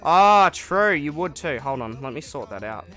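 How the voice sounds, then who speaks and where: A man's voice: a little high, sing-song, moderate pace, fairly bright tone. A young man streaming a game live, chatting casually with viewers and answering their comments in an upbeat way. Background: faint music.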